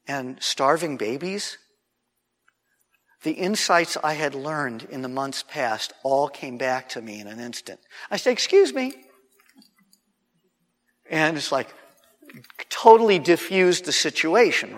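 A man, preaching as he tells a story in an animated, conversational way with frequent restarts. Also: fairly high pitch. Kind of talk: sermon storytelling. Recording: long hall reverb.

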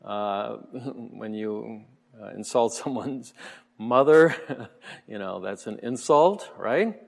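A man teaching a verse-by-verse sermon in a relaxed, explanatory way, with frequent fillers and soft chuckles. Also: lowish voice, slow, gravelly, in a large hall. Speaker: Bible teacher.

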